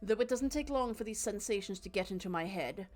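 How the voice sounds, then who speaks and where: A woman's voice: mid-range voice, brisk, soft background music. A young woman streaming a game, reading its narration dramatically and chatting with her cat and viewers. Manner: chatty and animated, reads narration with dramatic flair, talks to her cat and chat. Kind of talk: live let's-play with dramatic reading of game text.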